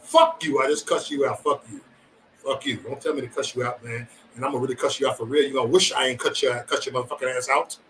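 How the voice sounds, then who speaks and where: A man's voice: medium pitch, fairly even intonation, fast talker, a bit bright, far from the mic, a little hiss or hum, rough recording. A man hosting a livestream, chatting casually with viewers in profane, rambling banter and joking threats. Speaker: livestream host.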